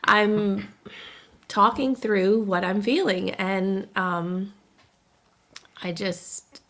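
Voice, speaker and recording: Woman podcast co-host, fry in the voice, emotional venting. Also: mid-range voice, very slow, fairly bright tone. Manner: emotional, venting, close to tears. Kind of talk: casual podcast chat.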